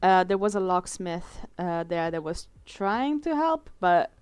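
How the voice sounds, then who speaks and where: Chatty young woman, smooth clear voice. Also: on the low side, lively intonation, a little slow, a little mellow, no room sound. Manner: chatty and rambling, swears casually, laughs often. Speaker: artist streaming a drawing session. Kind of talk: casual chat while drawing.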